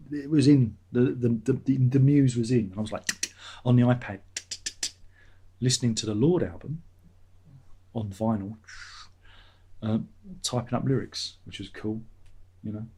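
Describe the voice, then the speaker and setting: A man's voice: mid-range voice, dark tone, husky. A man hosting his own vlog, chatting in a meandering way and swearing casually. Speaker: vlogger, channel host. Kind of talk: rambling casual chat.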